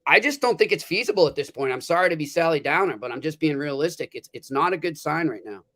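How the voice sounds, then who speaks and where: A man's voice: a little high, expressive, quick pace, fairly bright tone. A man in a casual sports chat as a hockey beat writer, speaking candidly and often restarting his sentences.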